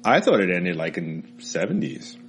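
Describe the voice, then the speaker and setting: A man's voice: low voice, sing-song, moderate pace, creaky, faint music behind. A man hosting a podcast, chatting loosely and jokily and swearing casually. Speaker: podcast host.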